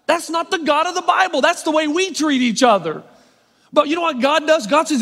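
Male pastor, sermon, high voice, dry self-mocking humor, long hall reverb. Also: a bit bright. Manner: emphatic preaching with slowed key phrases.

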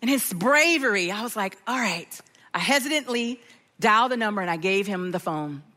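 A middle-aged woman preaching a sermon with a personal story, telling it in an animated way and acting out the voices of the people in it. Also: mid-range voice, a little fast. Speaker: pastor.

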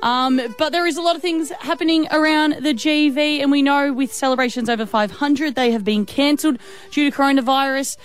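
A woman's voice: high voice, fairly quick, faint music behind. A woman co-hosting breakfast radio, bubbly and giggly. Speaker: radio co-host.

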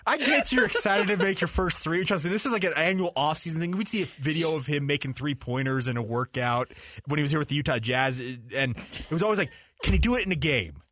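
A man hosting a sports radio show in a studio, bantering casually with animated, chuckling rants. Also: fairly high pitch, brisk, slight background noise.

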